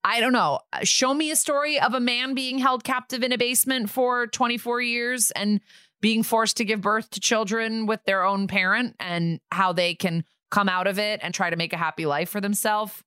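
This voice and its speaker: A woman's voice: fairly high pitch, fairly even intonation, normal speed, sharp tone, clear, resonant tone, no room sound, studio quality. A woman in her thirties co-hosting a podcast, chatting bluntly and jokingly. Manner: blunt, joking, says like a lot. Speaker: podcast co-host. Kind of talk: casual chat.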